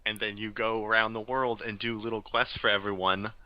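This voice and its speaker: A young man, a guest on a casual podcast, telling animated stories and laughing often. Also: on the low side, brisk, no room sound, dull audio.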